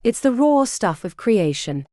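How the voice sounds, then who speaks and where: A woman's voice: a little high, sing-song, measured pace, mellow, no echo, studio quality. A woman reading the part of a determined young female mage who lays out a battle plan in an audiobook.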